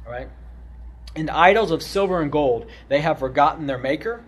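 A man teaching through a book of scripture, animated, often checking in with "right?" and moving between loud emphasis and quiet asides. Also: on the high side, normal speed, breathy edge. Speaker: Bible teacher. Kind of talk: expository Bible teaching.

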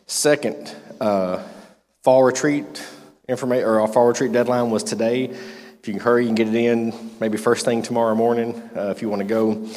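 A man's voice: mid-range voice, steady tone, moderate pace, a little mellow. A man leading a youth group, making loose, rambling announcements full of fillers and then reading a devotional aloud in a church meeting room. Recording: long hall reverb.

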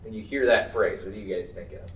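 A man's voice: on the low side, fast talker, fairly bright tone. A man leading a Bible study discussion, thinking aloud with many fillers and restarts as he teaches the group. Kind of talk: conversational teaching. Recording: roomy, distant mic, faint background noise.

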